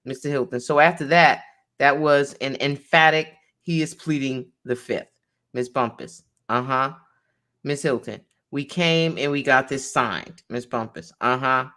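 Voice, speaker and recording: A woman's voice: extremely low pitch, a little slow, fairly bright tone. A woman attorney reading a court transcript aloud in a conversation, naming each speaker as she goes.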